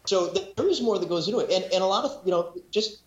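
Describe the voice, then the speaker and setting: A man's voice: high-pitched, animated, fast talker. Man, casual rambling talker, echoey room with dull lo-fi sound. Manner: rambling, many restarts, self-mocking. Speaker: audiobook narrator guest. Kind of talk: casual podcast chat.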